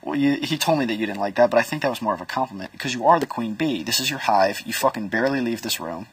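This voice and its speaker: A man's voice: mid-range voice, lively intonation, a bit bright, slightly rough, no echo. A man acting as a reality show houseguest, rambling through private strategy talk and quoting others as he goes. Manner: rambling, fast, quotes others in reported speech. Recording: distant, dry room mic.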